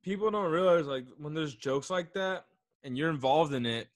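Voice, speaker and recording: A man's voice: on the high side, normal speed, no room sound, clean studio sound. A young man co-hosting a podcast, rambling casually with many fillers. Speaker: podcast co-host. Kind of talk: casual chat.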